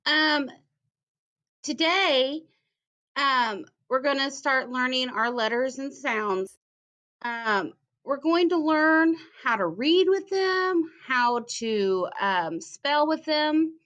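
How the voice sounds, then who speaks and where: A woman teaching a phonics lesson to young children, speaking slowly and carefully and repeating words for them to hear. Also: high-pitched, animated, a bit bright, lo-fi sound. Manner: slow, careful, encouraging, repeats words clearly.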